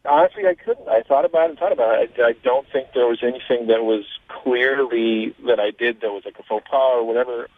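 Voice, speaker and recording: A man's voice: mid-range voice, fast talker, hardly any pauses, no room sound. Man, caller, stammering, unsure, tinny phone sound. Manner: uncertain, stammering.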